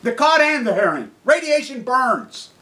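Indignant man, swearing rant delivered in a high, bright, lively voice. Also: normal speed, rough recording. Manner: profane, shouting, fiercely indignant. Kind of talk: angry ranting monologue.

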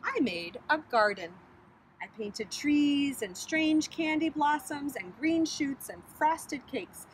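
A preschool teacher reading a picture book aloud outdoors on a bridge over a creek, with expressive storytelling. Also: female voice, high voice, slow, a little hiss or hum, low-quality recording.

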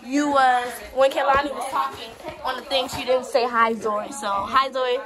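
A woman's voice: high-pitched, fairly even intonation, moderate pace, a loud crowd. A woman joking and greeting viewers on camera. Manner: playful, shouting out to viewers.

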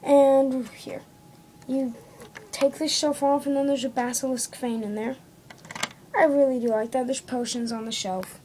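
Woman rambling through a toy review on her phone at home, kinda high voice but soft and mellow, keeps going "okay?". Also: fairly even intonation, measured pace, a little hiss or hum, poor audio. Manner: rambling, corrects herself often, tags lines with "okay?". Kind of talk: casual show-and-tell review. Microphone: phone camera.

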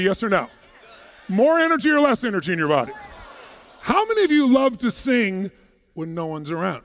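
A man giving an energetic motivational talk to a live audience, punchy and casual, throwing rapid questions at the crowd and joking with a bit of profanity. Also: high voice. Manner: casual, jokey, a little profane. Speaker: motivational speaker. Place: large conference hall. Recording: long hall reverb.

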